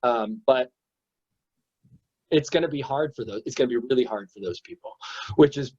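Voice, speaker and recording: A man's voice: mid-range voice, normal speed, darkish tone, slightly rough. A man teaching in a casual spiritual discussion, talking emphatically and bluntly with swearing, and acting out little scenes, over a lo-fi internet stream. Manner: emphatic, profane, acts out examples. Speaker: meditation teacher. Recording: dull lo-fi audio.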